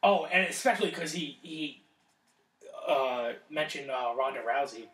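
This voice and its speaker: Excitable high-voiced man, echoey room. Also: a little slow. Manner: excitable, swears often. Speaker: podcast co-host. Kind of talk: casual wrestling chat.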